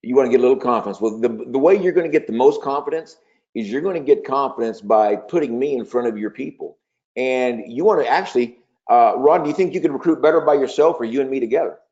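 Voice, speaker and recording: A man's voice: medium pitch, fast talker, darkish tone. Male sales trainer, persuasive coaching tone, muffled webinar sound. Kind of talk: webinar training talk with role-play. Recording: dull lo-fi webinar audio.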